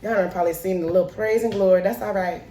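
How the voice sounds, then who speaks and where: Brief: woman around forty, animated storyteller, roomy room sound with the mic set back. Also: medium pitch, fast, far from the mic, slight background noise. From Chicago, South Side. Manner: playful, lively, acts out voices and laughs often. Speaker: show creator telling a childhood story. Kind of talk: personal storytelling to camera.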